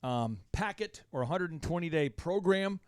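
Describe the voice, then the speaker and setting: Excitable high-voiced radio host man. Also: measured pace, smooth, no echo, studio quality. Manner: excitable, laughs easily. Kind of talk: casual talk-radio interview.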